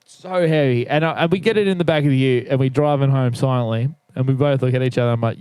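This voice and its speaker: A young man chatting casually on a podcast, rambling through a story and acting out what people said. His voice is smooth and clear. The sound is dry and close. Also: mid-range voice, fast, a little mellow, no echo. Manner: rambling storyteller, swears freely, acts out quotes. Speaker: podcast co-host. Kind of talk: casual chat.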